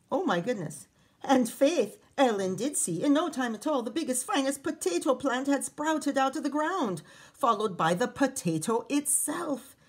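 Expressive teacher reading a picture book. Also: female voice, sits high, normal speed. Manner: expressive, with chatty asides to the children.

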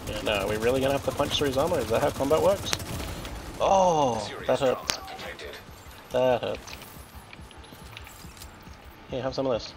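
An Australian-accented streamer with a medium-pitched, gravelly voice talks fast, joking casually as he plays and comments on a shooter game. Game gunfire and explosions are loud behind his voice, adding background noise.

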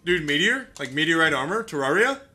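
Young guy gaming with a buddy, high voice swinging all over the place, yells a lot, music in the back. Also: a little fast, slight background noise. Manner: excitable, yells and laughs at deaths. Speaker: gaming co-host. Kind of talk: co-op gameplay banter.

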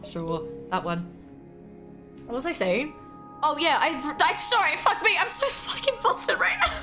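A young Australian woman streams a game live, her high voice bouncing all over the place as she chats, swears and laughs with viewers. Her tone is bright and sharp, and soft music plays underneath. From Melbourne, Australia. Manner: excitable, swears freely, laughs often. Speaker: livestreamer. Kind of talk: casual live game commentary.

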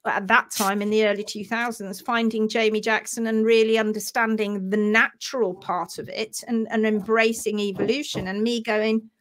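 A woman's voice: on the high side, fairly even intonation, moderate pace. An English woman hosting a live stream, talking in a passionate, emphatic way. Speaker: host.

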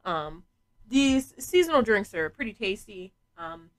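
A woman's voice: mid-range voice, big pitch swings, unhurried, low-quality recording. A woman hosting a casual podcast, chatty and frank, laughing often and swearing freely. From New England. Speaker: podcast host.

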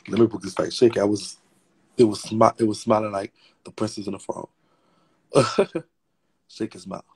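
A man hosting a casual gossip livestream, talking in a sassy, chatty, profane way with a raspy voice. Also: fairly low pitch, steady tone, moderate pace, pauses often, a little hiss or hum. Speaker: livestream host.

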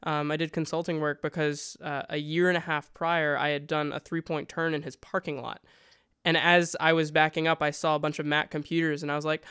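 Guy hosting a chat podcast, higher voice, really clean and smooth, curious. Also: level tone, fairly quick, bright, forceful tone. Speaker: podcast host. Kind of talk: casual podcast interview.

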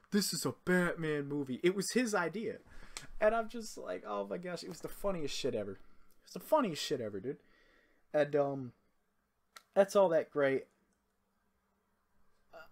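A young man with a slightly higher-pitched voice spins a rambling, profanity-laced story in a loose, casual monologue. He keeps stopping to act out what people said, then carries on. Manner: rambling, profane, animated retelling with quoted voices. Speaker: storyteller vlogger.

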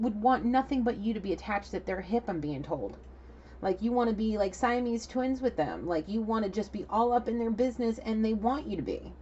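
A woman's voice: mid-range voice, darkish tone, lo-fi sound, a little hiss or hum. A woman giving a spiritual reading to camera in an emphatic, profane, chatty manner. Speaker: psychic reader.

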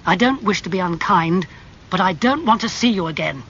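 A man reading aloud, voicing a proud young gentleman who speaks hard and coldly in a storybook. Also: high-pitched, animated, normal speed. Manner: raised, hard and cold delivery. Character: handsome young gentleman, proud and turning cold. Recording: slightly muffled with faint hum.

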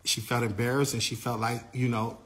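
A man working as a tour manager, retelling events in a casual, animated way and quoting the people involved. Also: mid-range voice, fairly quick. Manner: animated storytelling, quoting others.

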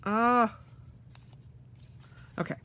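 A woman's voice: very slow, pushed and bright, slight background noise. A woman vlogger unboxing things, gushing with gasps and delighted exclamations. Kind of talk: casual unboxing vlog.

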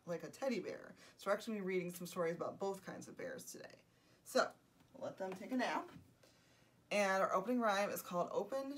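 Animated woman reading to kids. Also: on the low side. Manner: animated, enthusiastic and sing-song. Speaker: children's librarian. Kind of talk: reading picture books aloud for children.

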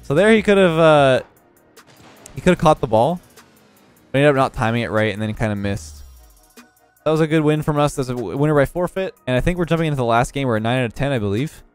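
A young man casually commentating his own match, relaxed and analytical, sleepy and yawning as he has just woken up. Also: mid-range voice, quick pace, clear, resonant tone, faint music behind.

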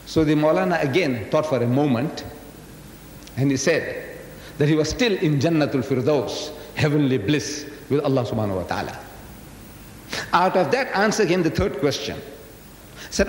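A man in his 70s lectures animatedly at normal speed, leaving long pauses as he tells a story built on emphatic rhetorical questions. The large hall gives an echo, and a faint rumble runs through the recording.

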